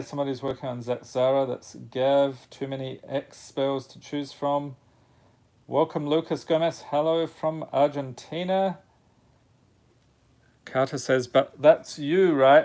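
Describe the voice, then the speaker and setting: A man's voice: mid-range voice, a little mellow. A man hosting a live stream, reading out card names one at a time and joking with his viewers in casual chat. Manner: reads item names one by one, jokes with viewers.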